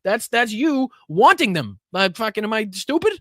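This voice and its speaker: Brief: high-pitched New man, sarcastic profane political ranter, laughing a lot. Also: very animated, moderate pace, a bit bright, no room sound, studio quality. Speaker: host of a political commentary stream. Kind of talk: live political rant.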